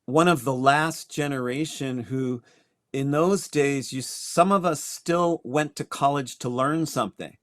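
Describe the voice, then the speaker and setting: An older astrologer from Connecticut, appearing as a guest in an interview, tells his story reflectively with small restarts. His mid-range voice is unhurried, captured in studio quality with no room sound.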